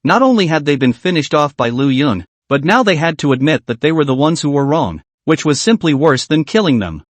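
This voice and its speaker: A man reads out a comic recap as scripted narration, briskly telling the story. His voice sits a little high and rises and falls a great deal. The recording is close and dry. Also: big pitch swings, no echo.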